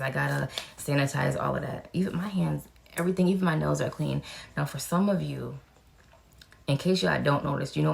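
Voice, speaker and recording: A woman's voice: extremely low pitch, vocal fry. A young woman, chatting frankly and casually as a vlogger answering viewer questions, cursing now and then. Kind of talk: casual Q&A vlog.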